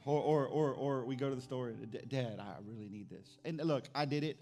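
A man's voice: mid-range voice, fairly quick, gravelly, dark tone. A middle-aged pastor preaching a sermon in a conversational way, often restarting his sentences.

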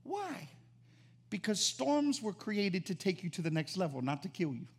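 A man preaching a sermon as pastor, animated and emphatic, repeating phrases for emphasis. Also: high voice, normal speed, breathy edge.

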